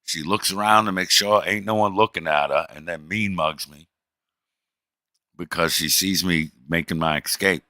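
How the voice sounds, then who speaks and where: A man's voice: sits low, normal speed, pushed and bright, no room sound, clean studio sound. A middle-aged man streaming, telling a rambling, profane story in a wry, casual way.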